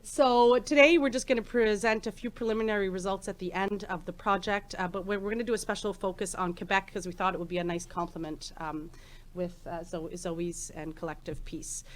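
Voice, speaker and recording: A woman's voice: medium pitch, fairly even intonation, brisk. A woman in her forties presenting research at a conference in a chatty, informal way, with many ums and restarts, on a microphone in a conference room. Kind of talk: conference talk. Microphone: handheld microphone.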